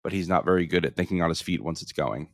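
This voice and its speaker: A very deep-voiced man from the United States talks as a podcast guest, thinking aloud with repeated words and careful opinions. His voice sits dry and close to the mic. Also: no room sound. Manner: measured, hesitant starts, repeats words. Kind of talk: casual podcast chat.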